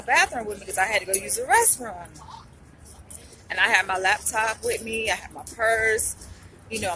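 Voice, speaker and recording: A woman's voice: on the high side, pushed and bright, slight background noise, rough recording. A young woman, venting in a casual vlog. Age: young adult. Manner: upset, venting, says y'all a lot. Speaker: vlogger.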